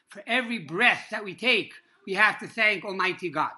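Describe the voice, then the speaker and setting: A man teaching a Torah class in a sermon style, telling stories at a measured pace with pauses, fillers and Hebrew religious terms. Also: high-pitched, pushed and bright.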